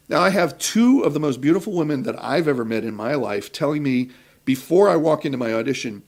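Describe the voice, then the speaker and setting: A man's voice: mid-range voice, sing-song, brisk, gravelly. A man co-hosting a casual talk show, telling a rambling anecdote with many fillers and restarts. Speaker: talk show co-host, actor.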